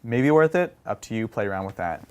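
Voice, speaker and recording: A man co-hosting a casual gaming podcast, answering listener questions and breaking into excited, laughing exclamations. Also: on the low side, brisk, smooth. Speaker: podcast co-host.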